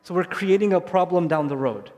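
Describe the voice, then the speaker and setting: High-voiced man lecturing in a reverberant hall. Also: animated, a little fast, a little mellow, muffled recording. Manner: earnest, conversational, with repeated emphatic phrases. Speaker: Islamic speaker addressing families. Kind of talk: live lecture to an audience. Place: stage in a large hall. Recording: long hall reverb from a live event.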